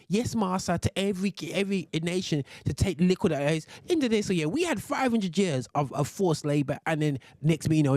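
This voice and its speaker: A British man hosting a radio show, ranting in heated commentary with many restarts and sudden high exclamations. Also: darkish tone, no echo.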